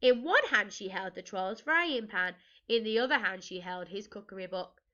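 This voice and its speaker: A woman teacher from England reading a storybook aloud to young children, lively and expressive, with gasps and questions to the listeners. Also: mid-range voice, moderate pace, lo-fi sound.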